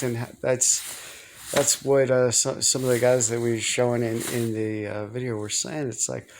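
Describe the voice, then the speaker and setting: Rambling gravelly-voiced man vlogging. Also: medium pitch, level tone, normal speed, slight background noise. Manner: rambling, hesitant, repeats words. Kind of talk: casual personal vlog.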